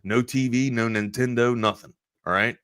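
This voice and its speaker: A man hosting a sports talk show, telling a long personal story in a rambling, animated way full of restarts. He is from Maryland. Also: medium pitch, moderate pace, clean tone, dry recording, clean studio sound. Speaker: sports talk radio host.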